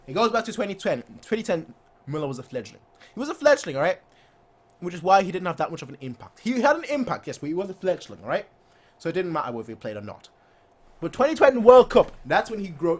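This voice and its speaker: A young man hosting a fan channel, chatting excitedly after a match, boastful and repeating himself for effect. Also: high voice. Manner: animated, boastful, repeats phrases, acts out players' voices.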